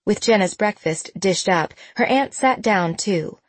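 A woman narrating a novel as an audiobook, in a steady, even storytelling manner. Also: deep voice, normal speed, hardly any pauses, no echo. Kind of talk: scripted narration.

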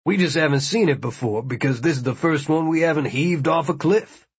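A man's voice: fairly high pitch, a little fast, slightly rough. A man voicing an easygoing young man who casually explains things.

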